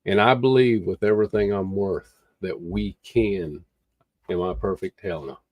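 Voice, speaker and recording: Earnest deep-voiced man preaching to viewers. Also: normal speed, dry recording, dull audio. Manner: earnest, preachy, repeats phrases for emphasis. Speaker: livestream host. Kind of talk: impassioned motivational monologue.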